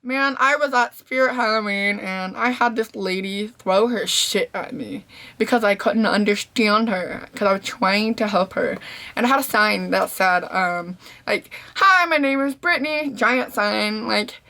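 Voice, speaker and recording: A young deaf woman chatting casually to camera, telling stories in a slangy, animated way and acting out what people said. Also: medium pitch, measured pace. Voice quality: deaf speaker's voice. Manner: animated storytelling, slangy, acts out quotes. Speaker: vlogger. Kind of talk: casual talking-to-camera recap.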